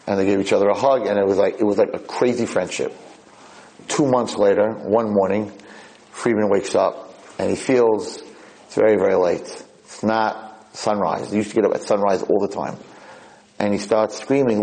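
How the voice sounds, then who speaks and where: A male lecturer with a lowish voice tells a story in a sermon. He talks in an animated way and swings between loud and soft, and he repeats and restarts often. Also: moderate pace, vocal fry, poor audio. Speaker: Jewish lecturer.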